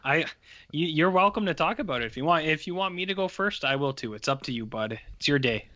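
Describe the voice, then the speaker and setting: A man's voice: fairly high pitch, expressive, fast talker, pushed and bright, muffled recording. A man co-hosting a film podcast in casual chat, joking in a wry way. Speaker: podcast co-host.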